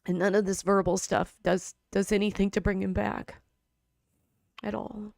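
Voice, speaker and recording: A middle-aged woman co-hosting a casual livestream chat, talking in halting, restarting phrases while grieving and near tears. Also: mid-range voice, level tone, gravelly, darkish tone, dry recording, clean studio sound. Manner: halting, many restarts, tearful. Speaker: co-host.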